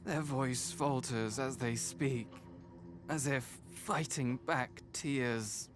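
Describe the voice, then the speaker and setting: A voice actor narrating a visual novel in the second person, describing scenes in an even, descriptive manner. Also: medium pitch, drawn-out words. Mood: calm. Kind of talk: scripted game narration. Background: game soundtrack music.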